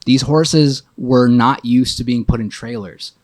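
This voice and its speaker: A man telling a story as a podcast guest, animated and full of swearing. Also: medium pitch, unhurried. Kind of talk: casual storytelling.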